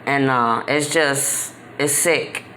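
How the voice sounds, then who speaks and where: Impassioned woman vlogger with a bright, sharp voice. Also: extremely low pitch, slow, a little hiss or hum. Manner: emphatic and repetitive, many "you know" fillers; street slang, blunt and angry at abusers. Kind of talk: impassioned direct-to-camera monologue.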